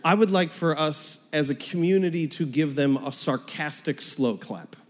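A man in his thirties preaching a sermon as pastor, conversational and joking, dropping into quiet asides between louder points. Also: a little high, moderate pace, a little hiss or hum. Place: church auditorium. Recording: long hall reverb.

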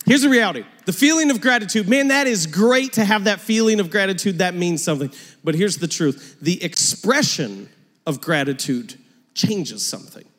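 A man in his thirties preaching a sermon as pastor, conversational and joking, dropping into quiet asides between louder points. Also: high-pitched, animated, moderate pace. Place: church auditorium. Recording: long hall reverb.

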